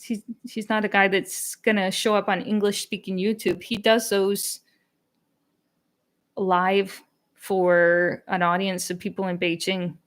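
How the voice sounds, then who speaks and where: On her language-learning channel's live stream, a young woman with a mid-range voice chats casually and responds to comments. Candid and quick to laugh, she often slips into Chinese.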